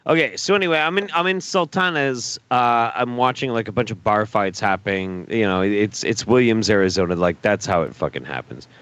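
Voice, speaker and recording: A man's voice: on the low side, fairly quick, hardly any pauses, fairly bright tone, clean tone, no echo, lo-fi sound. A man telling a rambling, profane story on a casual podcast.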